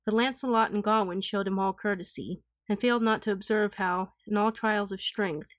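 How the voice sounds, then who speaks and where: A woman narrates an old tale in a calm, formal, steady voice. She is recorded close and dry, with a mid-range pitch. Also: moderate pace, no echo. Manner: calm, even, formal reading. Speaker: audiobook narrator. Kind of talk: scripted storybook narration.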